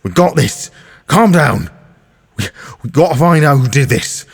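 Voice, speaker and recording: A British man doing a gruff male vampire, his voice a little raised and louder than his narration as he coaxes and steadies a raging companion. It is a tabletop-game figure with a rough, streetwise edge. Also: fairly high pitch, lively intonation, a little slow, voice pushed up, full character voice. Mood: calming. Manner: coaxing, rough-edged.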